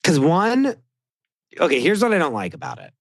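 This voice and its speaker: A man's voice: on the high side, normal speed, vocal fry, no room sound, clean studio sound. A man chatting casually as a podcast guest, rambling with many "like"s and acting out what others said. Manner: rambling, heavy use of "like", animated quoting of others. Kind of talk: casual chat.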